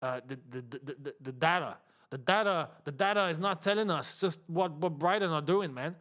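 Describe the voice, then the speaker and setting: A stammering, data-obsessed man, as a man puts him on trips over his words and repeats himself. The voice sits a little lower than usual and keeps circling back to the same phrase. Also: normal speed, a bit bright, natural voice. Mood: flustered.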